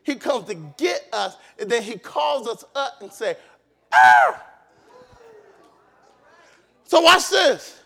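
A man pastor preaching a sermon, shouting and emphatic, repeating phrases for emphasis in a church. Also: very high-pitched, very animated, unhurried, gravelly, few pauses.

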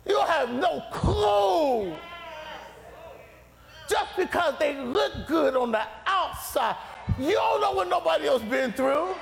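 A male preacher in a church sanctuary, his voice set unusually high and delivered at a slow, drawn-out pace. He shouts his lines with a gravelly grit in his throat, and the sound rings through a long, reverberant hall over a faint congregation. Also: animated. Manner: shouted, impassioned preaching with repeated phrases. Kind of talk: fiery sermon.

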